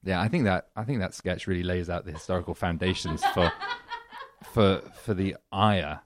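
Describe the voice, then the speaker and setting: A man's voice: deep voice, normal speed, heavy background noise. A man with an English accent, a comedy duo member chatting in a podcast interview, rambling and self-deprecating with frequent laughs. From England.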